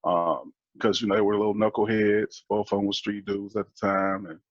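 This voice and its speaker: A man from Detroit, a guest on a show, telling his family story in a relaxed, rambling way with fillers and restarts. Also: on the low side, moderate pace, no room sound, muffled recording. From Detroit, Michigan, USA. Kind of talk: casual storytelling.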